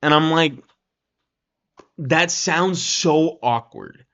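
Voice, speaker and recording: A man's voice: a little high, extremely slow, a bit bright. Man ranting casually, slightly muffled. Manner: rambling, heavy on "like" and "right?", swears casually. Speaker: film reviewer.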